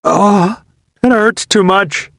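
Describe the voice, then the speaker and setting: A man's voice: slow pace, creaky, a bit bright, dry recording, studio quality, exaggerated voice. A man reading aloud voices a young male Marine who has been shot and is crying out in pain, panicked and pleading. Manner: pleading, panicked high cries.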